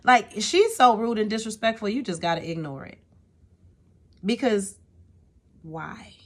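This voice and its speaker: An animated woman talks straight to her viewers and vents about a frustrating ordeal. She stumbles over repeated words and keeps checking in with a pointed "okay?". Her voice sits in an ordinary middle range. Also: medium pitch, measured pace. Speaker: vlogger telling a personal story. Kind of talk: casual storytelling to camera.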